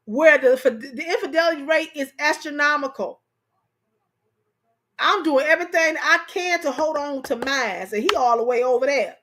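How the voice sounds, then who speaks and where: Talking at normal speed in a high-sitting voice, a woman livestream host banters with her audience. She laughs frequently and stays animated, speaking right to the viewers.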